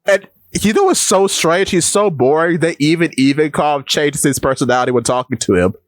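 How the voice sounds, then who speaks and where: A man co-hosting a casual podcast chat, animated and quick to break into loud mimicry. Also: a little high, dry recording. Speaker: podcast co-host.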